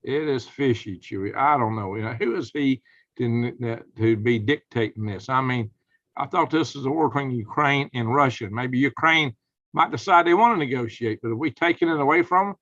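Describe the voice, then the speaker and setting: A man hosting a live prepping channel, rambling folksy commentary that turns loud and indignant, with a drawl. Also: medium pitch, normal speed, no room sound, highs cut off.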